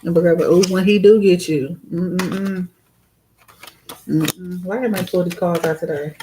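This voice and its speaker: A woman's voice: fairly low pitch, steady tone, unhurried, dark tone, a little hiss or hum, low-quality recording. A woman giving a casual, chatty live tarot reading, giggling and filling her talk with "you know" and "like" while nursing a sore throat. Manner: chatty, giggly, lots of fillers. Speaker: tarot reader.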